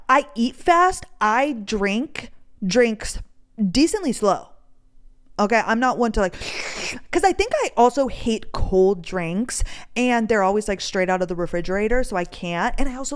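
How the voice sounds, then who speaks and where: A young woman on her podcast, talking casually and swearing freely as she tells a long everyday story. She acts out what others said along the way. Her voice is smooth and clear, at an ordinary pitch for a woman. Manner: chatty, swears freely, lively quoting of others. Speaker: podcast host.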